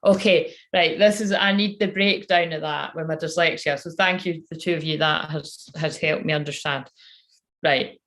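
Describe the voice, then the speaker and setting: A woman's voice: low-pitched, fairly even intonation, moderate pace, a bit bright. A woman giving a casual live-stream reading. She chats in a self-mocking way, swears freely, and mutters to herself while she fiddles with her phone. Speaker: psychic tarot reader live-streaming.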